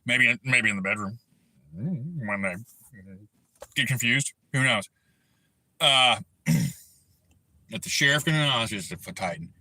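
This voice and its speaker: A man in his thirties hosting a livestream, ranting angrily and profanely, breaking into shouted bursts. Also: mid-range voice, lively intonation, slow, pauses often, no room sound, rough recording. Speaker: livestream host. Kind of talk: angry personal rant on a livestream.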